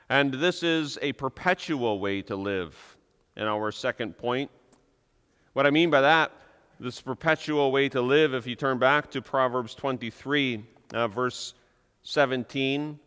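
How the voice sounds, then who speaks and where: A male pastor delivers an earnest, emphatic sermon, leaning on repetition to drive his points home. His voice is bright and clear, with a smooth, resonant tone. The sound carries the long reverb of a church sanctuary. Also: mid-range voice.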